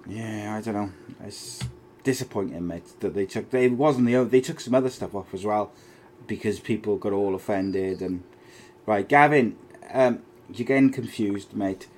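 Blunt, jokey podcast host. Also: male voice, fairly low pitch, moderate pace, darkish tone, a little hiss or hum. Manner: blunt, jokey, mock-offended. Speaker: podcast host reading listener chat. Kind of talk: casual chat.

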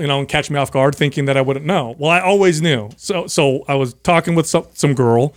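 A man's voice: on the high side, fairly quick, few pauses, no room sound, studio quality. A man hosting a casual podcast chat, telling stories with animation and frequent laughter. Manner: animated storyteller, laughs often.

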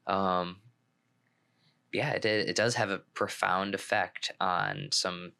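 A male podcast co-host and pro pickleball player in casual chat, talking in a relaxed, rambling way with frequent restarts. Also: deep voice, slow, vocal fry, smooth.

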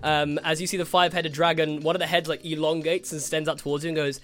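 Brief: a male game master, higher-pitched, filler-heavy narration. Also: little pitch movement, quick pace, fairly bright tone, soft background music. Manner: rambling, lots of fillers.

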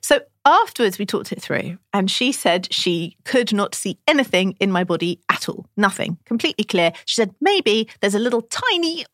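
A woman's voice: medium pitch, moderate pace, hardly any pauses, no room sound, clean studio sound. A woman who works as a doula, chatting casually on a podcast and telling a story, acting out what others said to her. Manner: animated storyteller quoting others.

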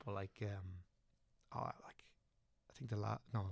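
A man's voice: on the low side, steady tone, unhurried, gravelly. A young Irish man chatting casually as a podcast guest, rambling and correcting himself as he goes.

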